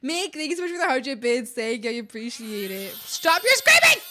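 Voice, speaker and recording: A woman's voice: on the high side, animated, a little fast. A woman streamer chatting casually with her viewers while she draws, playful and theatrical as she thanks them. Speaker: art streamer.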